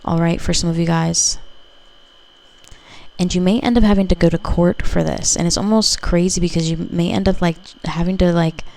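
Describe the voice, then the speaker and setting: Gravelly-voiced woman reading tarot cards. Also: lowish voice, a little mellow. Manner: rambling and intuitive, heavy with filler words. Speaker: tarot reader. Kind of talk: casual pick-a-card tarot reading.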